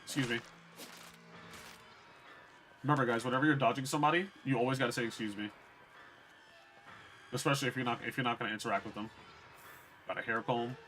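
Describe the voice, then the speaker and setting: A man with a bright, forward voice gives loose, profane running commentary while he plays a game. He chats to his viewers as he goes, at an everyday pitch, with a faint hiss under the audio. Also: steady tone, quick pace, pauses often. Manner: chatty, profane, talks to viewers. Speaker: streamer. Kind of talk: casual gameplay commentary.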